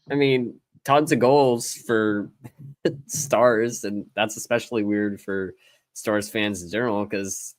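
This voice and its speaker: A man co-hosting a casual sports podcast, talking haltingly with frequent restarts. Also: lowish voice, no echo. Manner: halting, with restarts and soft laughs. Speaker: podcast co-host.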